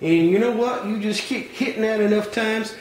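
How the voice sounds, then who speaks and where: A man's voice: high voice, moderate pace, echoey room, voice pushed up, lightly acted. A man doing a cocky hardware salesman. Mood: pushy. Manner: drawling, condescending, boastful. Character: pushy folksy male hardware salesman, overconfident.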